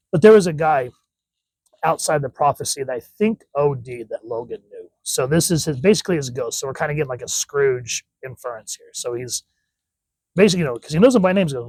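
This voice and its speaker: A man's voice: fairly high pitch, no echo, rough recording. A man casually reviewing a comic book, rambling with frequent "like" and "wait a minute" asides.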